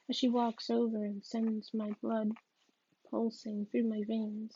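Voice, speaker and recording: A woman's voice: on the high side, little pitch movement, measured pace, dark tone, breathy edge, muffled recording. A woman reading a novel aloud, hesitant and often restarting her sentences. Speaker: reader.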